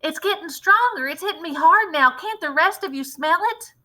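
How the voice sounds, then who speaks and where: Shrill, bright storybook witch, frantic and sniffing, read by a woman. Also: lively intonation, normal speed, full character voice, poor audio. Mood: alarmed. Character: shrill shrieking female witch Mildred, alarmed.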